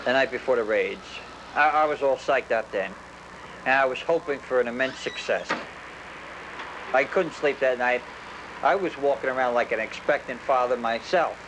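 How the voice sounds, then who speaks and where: A man's voice: mid-range voice, normal speed. New man, middle-aged retired cop, plain-spoken documentary narrator, noisy recording. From New Jersey. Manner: plain-spoken storytelling that acts out quoted dialogue. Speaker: retired police officer working undercover.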